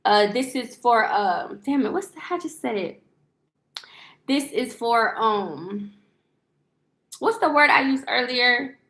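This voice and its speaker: A woman with a fairly high voice tells a rambling storytime rant to her viewers. She curses freely and trips over fillers and restarts. The sound bounces around an echoey room. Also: expressive, takes it slowly, pauses often, a bit bright. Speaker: lifestyle vlogger and livestreamer.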